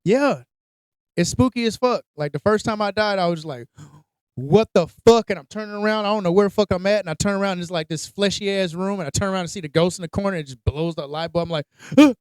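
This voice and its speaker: Podcast co-host, male, high clear voice, animated storyteller, cusses a lot. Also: fast talker, no echo. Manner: animated storytelling, heavy cursing, acts out reactions. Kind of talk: casual chat.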